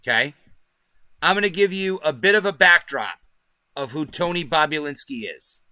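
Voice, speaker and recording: Male stream host, high piercing voice, dry close sound, emphatic and profane. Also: lively intonation, moderate pace, bright, forceful tone, smooth, no room sound. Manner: emphatic, profane, keeps asking "okay?". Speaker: livestream host. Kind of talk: casual livestream commentary.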